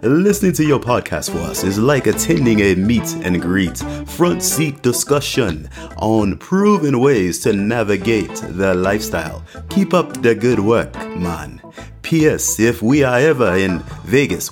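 A man's voice: fairly low pitch, big pitch swings, a little slow. A man voicing a friendly male listener from the Caribbean with an attempted Caribbean accent, reading cheerfully aloud. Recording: music playing underneath.

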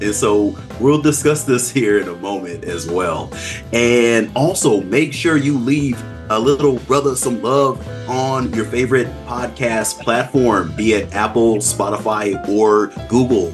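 Male podcast host, unhurried, low-pitched, easygoing and self-mocking. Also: faint music behind. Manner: laid-back, chuckling, self-mocking. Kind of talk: casual podcast chat.

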